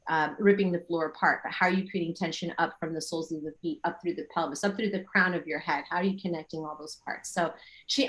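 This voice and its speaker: Animated middle-aged woman telling stories. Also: fairly low pitch. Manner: animated storytelling with quoted inner thoughts. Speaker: interview guest, yoga teacher. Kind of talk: casual interview chat.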